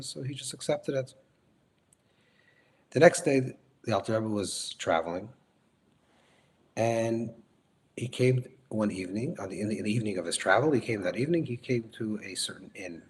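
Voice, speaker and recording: A man's voice: on the low side, animated, husky. A man, a rabbi, retelling a story as a lesson, restating his phrases and explaining Hebrew and Yiddish terms in English. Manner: unhurried, repeats and corrects himself mid-sentence. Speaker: rabbi teaching. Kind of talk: storytelling lecture.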